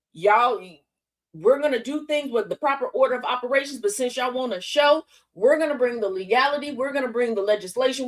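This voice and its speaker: A woman hosts a news commentary stream with a sassy, animated delivery, slipping into mimicked voices as she retells events. Her voice sits high. It jumps and dips with lively swings in pitch. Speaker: host.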